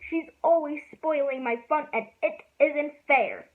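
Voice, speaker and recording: A woman's voice: high-pitched, measured pace, pitched above the performer's own voice. A woman doing an aggrieved older sister. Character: responsible older sister, easily exasperated. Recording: tinny phone-like sound.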